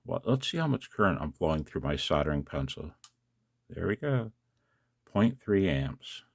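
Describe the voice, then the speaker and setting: A man's voice: low-pitched, big pitch swings, moderate pace, creaky, breathy edge, dry recording, studio quality. A tired man, up late at night, casually demonstrating a hobby device and chatting to the viewer with questions and chuckles.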